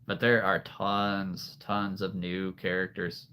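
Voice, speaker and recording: Slow, low-voiced man chatting on a livestream. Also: level tone, pushed and bright, clean tone. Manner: rambling, chuckles often, playful wordplay. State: a bit out of breath. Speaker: livestream host, figure collector. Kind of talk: casual livestream chat reading comments.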